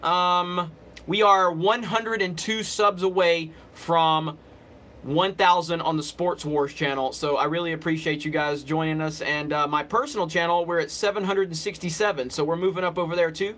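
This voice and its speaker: Casual host: man, slightly high voice, bright and forceful, chatty, thinks aloud while checking numbers. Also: fairly even intonation, moderate pace. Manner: chatty, thanks viewers by name, thinks aloud. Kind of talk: casual live-stream chat.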